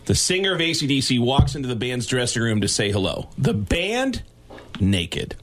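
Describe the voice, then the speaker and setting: A man, a guest comedian, telling a backstage story on a radio show and acting out the characters' lines. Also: normal speed. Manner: lively, acts out characters' lines with big pitch jumps.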